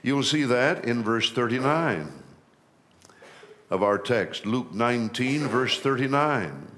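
A middle-aged man preaching a sermon as pastor, rising in pitch and volume to stress key phrases and slowing down for weight. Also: lively intonation, fairly bright tone, slight background noise.

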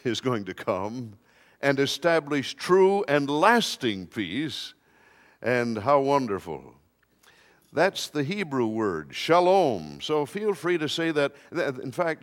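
Man preaching a sermon in church, slow and emphatic, little jokes here and there. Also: medium pitch, in a large hall.

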